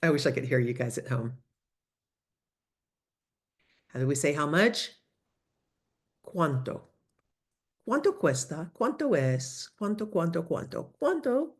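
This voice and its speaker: A woman teaching a lively online language lesson, coaching students through phrases over a video call. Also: sits low, moderate pace. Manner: lively, coaching, switches between English and Spanish phrases. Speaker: Spanish teacher.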